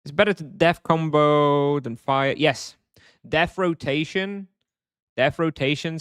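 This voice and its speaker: A man's voice: on the high side, measured pace, a bit bright, clear, resonant tone, dry recording, clean studio sound. A man streaming a game live, chatting casually with his chat, thinking aloud with fillers and frequent chuckles.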